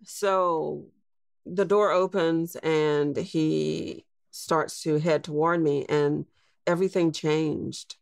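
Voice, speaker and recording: A woman in her sixties, a podcast guest telling a personal story in a slow, reflective way. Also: low-pitched, fairly even intonation, gravelly, dry recording, studio quality. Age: 60s. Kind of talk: storytelling interview.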